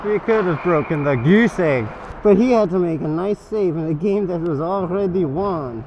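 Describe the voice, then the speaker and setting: Man goalie mic'd up on the ice, slightly high voice, dry self-mocking wit, loud rink noise behind. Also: a little fast. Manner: joking, self-deprecating banter. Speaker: hockey goalie. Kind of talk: mic'd-up game commentary. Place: hockey rink during a game. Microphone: helmet-mounted action camera.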